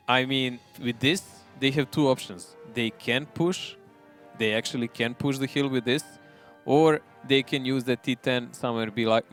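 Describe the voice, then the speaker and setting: Relaxed male esports co-caster, faint music behind. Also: medium pitch. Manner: relaxed, analytical, chuckles often. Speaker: esports analyst. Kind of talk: live match analysis.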